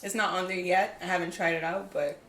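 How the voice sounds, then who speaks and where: Young woman from Jamaica, interview guest, low-pitched, hesitant and relaxed, echoey home room. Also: a little fast, slight background noise. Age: young adult. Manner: relaxed, hesitant, many fillers and restarts. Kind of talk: casual interview chat. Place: home, indoors. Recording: echoey room, faint ambience.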